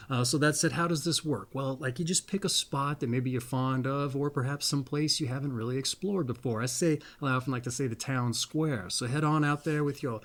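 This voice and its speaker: A man hosting a casual monologue, rambling in a folksy way and repeating pet phrases. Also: mid-range voice. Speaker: astrology video host.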